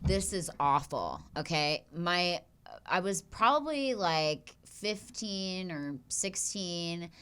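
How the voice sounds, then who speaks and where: A woman in her twenties hosting a podcast, telling stories in animated casual chat and swearing freely. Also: lowish voice, takes it slowly, smooth. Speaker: podcast host.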